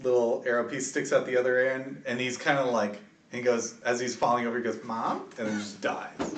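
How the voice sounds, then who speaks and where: A man's voice: mid-range voice, level tone, fairly quick, roomy sound. A man narrating as game master of a tabletop game, telling the scene loosely with fillers and frequent laughs.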